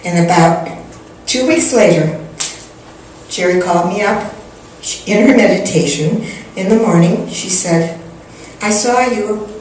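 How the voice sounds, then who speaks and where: A woman's voice: fairly low pitch, a little slow, long pauses, darkish tone. An earnest woman teacher recounts a personal story and acts out the conversations in it. Her voice carries from a distance through a very echoey hall, with faint noise underneath. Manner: earnest, recounts events acting out quoted dialogue. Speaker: spiritual teacher. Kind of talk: storytelling talk.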